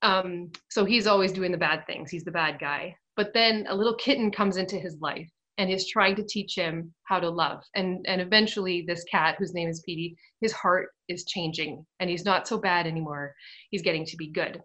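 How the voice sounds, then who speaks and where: A woman's voice: lowish voice, normal speed, fairly bright tone, rough recording. A woman in her thirties on a radio program, telling a family story casually, laughing often and turning emotional.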